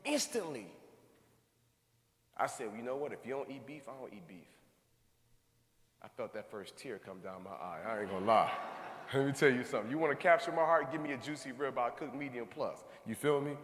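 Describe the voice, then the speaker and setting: A man in his thirties giving a motivational talk to a live audience, telling a personal story with animated, acted-out reactions. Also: mid-range voice, fairly quick. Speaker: speaker. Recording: echoey hall, long reverb.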